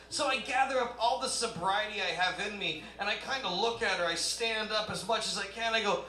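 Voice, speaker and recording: A male stand-up comedian with a high, bright, forceful voice rambles through a loose, self-deprecating set. He talks into a handheld mic on a club stage, and the room's echo rings around him. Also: brisk, hardly any pauses. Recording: roomy live club sound.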